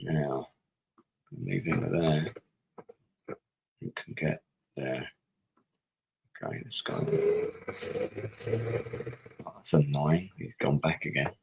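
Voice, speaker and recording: A man's voice: rumbling low, big pitch swings, slow pace, creaky, pauses often, background noise. A middle-aged man streaming a strategy game, casually thinking aloud and muttering to himself as he plays. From England. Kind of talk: casual gaming commentary.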